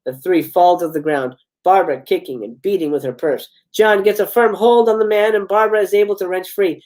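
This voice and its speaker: A man's voice: high voice, a little fast, a little mellow, poor audio. Man reading stage directions aloud. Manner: reads stage directions with chuckling asides and stumbles. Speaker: host reading film scripts. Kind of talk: live script read-aloud.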